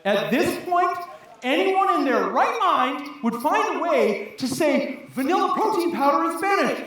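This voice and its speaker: A woman telling a comic story on stage, animated and laughing often. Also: very high-pitched. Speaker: storytelling contestant. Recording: echoey hall from a distance.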